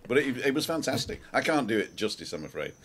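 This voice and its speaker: A man's voice: mid-range voice, quick pace. A man hosting a casual talk show, telling stories animatedly and imitating singers. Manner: animated storyteller, mimics singing. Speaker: host. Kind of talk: casual chat.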